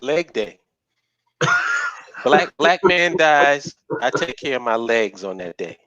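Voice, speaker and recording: Sarcastic male livestream host, bright forceful tone, animated. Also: mid-range voice, slow pace, dull audio. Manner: sarcastic, profane. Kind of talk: casual discussion.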